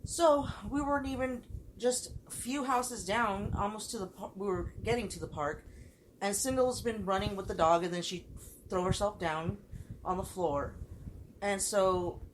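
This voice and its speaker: A woman's voice: medium pitch, moderate pace, a little hiss or hum, poor audio. A woman co-hosting a podcast, telling a story in casual chat with heated, profane delivery. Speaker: podcast co-host.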